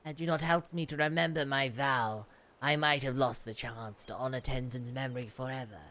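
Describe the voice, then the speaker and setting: A woman voicing an aging male samurai, reading his lines in a grave, measured way. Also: very deep voice, fairly bright tone, pitched below the performer's own voice. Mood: solemn.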